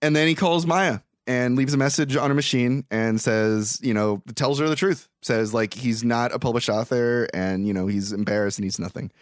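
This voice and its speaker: A young man tells a movie's story with plenty of cursing and exasperated side remarks. His voice sits at a middling pitch. The recording is close and dry, with no room sound. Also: no echo. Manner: profane, exasperated storytelling with quick quoted asides. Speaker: podcast co-host. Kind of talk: casual movie recap.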